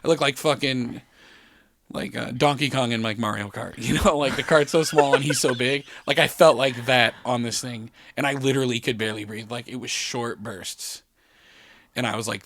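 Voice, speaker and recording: A man's voice: mid-range voice, normal speed, fairly bright tone, dry recording. A man telling a long, rambling story on a podcast in a casual chat, swearing often and breaking into laughter. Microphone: podcast studio mic.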